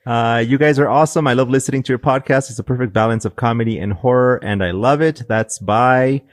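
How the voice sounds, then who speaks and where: Male podcast co-host, mid-pitch, relaxed and jokey, dry studio sound. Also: a little fast, no echo. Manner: easygoing, laughs a lot. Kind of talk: casual chat, reading listener comments.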